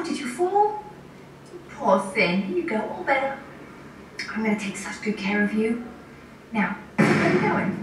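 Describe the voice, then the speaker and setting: A woman's voice: high voice, fairly bright tone, a little hiss or hum, full character voice. A woman voicing a manipulative, controlling abuser who coos sweetly and then turns cruel, in a scratch track. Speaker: scratch voice for an animatic. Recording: echoey room, played from far off.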